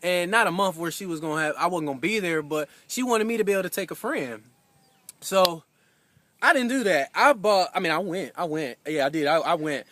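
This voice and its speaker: High, bright-voiced young man telling a story. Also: fairly quick. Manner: casual, filler-heavy, animated retelling. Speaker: husband giving an anniversary message. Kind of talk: heartfelt personal storytelling.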